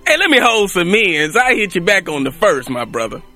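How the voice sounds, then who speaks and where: A man's voice: sits high, very animated, normal speed, sharp tone, soft background music, voice pushed up, full character voice. A man voicing a brash male street tough with swaggering slang, in a comedy sketch parody.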